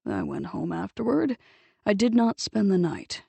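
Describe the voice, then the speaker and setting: A man's voice: high-pitched, unhurried, vocal fry, breathy edge, no room sound, exaggerated voice. A woman voicing a polite younger man who speaks evenly and wryly in an audiobook. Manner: even, polite and dryly wry. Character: calm, polite younger man under pressure.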